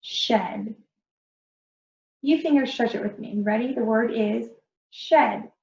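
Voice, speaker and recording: A woman's voice: on the high side, slow pace, vocal fry, a little mellow. A woman teacher giving an early reading lesson to young children, patient and encouraging, stretching out word sounds. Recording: roomy, dull lo-fi sound.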